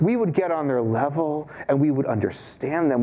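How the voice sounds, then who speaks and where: Storytelling rabbi, a man, slightly high. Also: expressive, normal speed, mellow. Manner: storytelling, self-mocking, acts out quotes. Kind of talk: sermon. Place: synagogue chapel.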